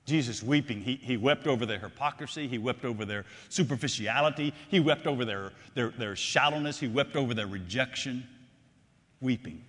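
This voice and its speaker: A man preaching a sermon, swinging between loud declarations and hushed, drawn-out phrases and repeating his lines for effect. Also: medium pitch. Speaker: pastor. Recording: long hall reverb.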